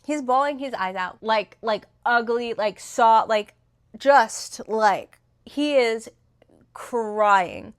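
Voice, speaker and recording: In a loose, phone-recorded book chat, a young female reviewer recounts a novel's storyline, often restarting and using fillers. Her voice sits a little high and comes out slow and smooth.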